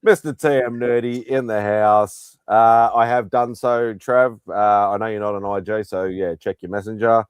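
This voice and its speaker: A man hosting a live pop-culture hangout stream, greeting viewers by name in a relaxed, chuckling way. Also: fairly low pitch, normal speed, hardly any pauses, clear, resonant tone, dry recording. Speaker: host. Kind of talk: casual live-stream chat.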